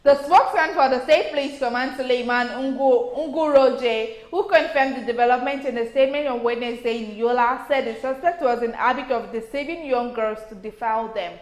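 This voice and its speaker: A Nigerian woman with a Nigerian accent co-hosting a news review, reading headlines evenly and chatting. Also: a little high. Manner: reads headlines evenly, chats with quick laughs. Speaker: news review co-host and reader. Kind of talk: news reading and casual commentary. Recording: echoey room.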